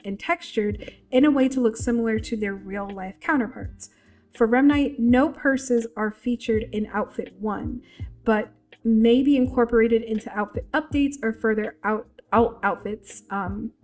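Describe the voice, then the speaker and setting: Stuffy-nosed woman chatting through a how-to, lots of ums, a bit high pitched. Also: a little mellow. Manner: rambling, with many fillers and restarts. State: congested. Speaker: VTuber tutorial creator. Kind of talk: casual tutorial talk.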